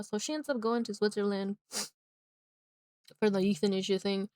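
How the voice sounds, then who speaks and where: A young woman on a livestream talks through a film plot in a loose, rambling way, piling on fillers and small sighs as she goes. Her voice sits at an ordinary middle pitch. The sound is dry and close, with almost no room echo. She turns emphatic and indignant when she gets to her own opinion. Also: normal speed, smooth. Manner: rambling, animated retelling with many fillers and sighs. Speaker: streamer. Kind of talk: casual chat while drawing on a livestream.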